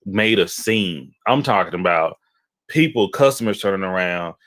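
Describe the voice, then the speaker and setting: A man from Houston, Texas, co-hosting a casual chat and telling animated, rambling anecdotes, often checking in with "okay?". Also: deep voice, normal speed, no room sound. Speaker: podcast co-host.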